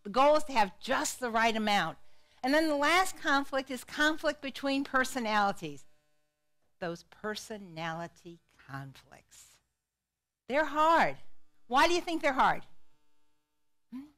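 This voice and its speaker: A middle-aged woman psychologist giving a lively, interactive talk to a live audience, often putting questions to the crowd. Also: high voice, unhurried, pauses often. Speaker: psychologist and speaker.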